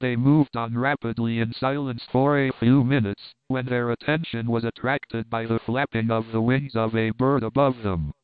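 Male audiobook narrator, measured, dry phone-like recording. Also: medium pitch, fairly even intonation, clear, resonant tone, no echo. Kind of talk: scripted narration. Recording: dry, tinny phone-like sound.

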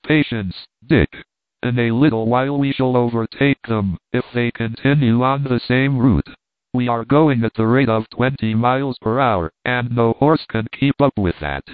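Man reading storybook part of a calm doctor, measured, thin phone-like dry sound. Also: medium pitch, no echo, lightly acted. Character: calm learned doctor, balloon captain.

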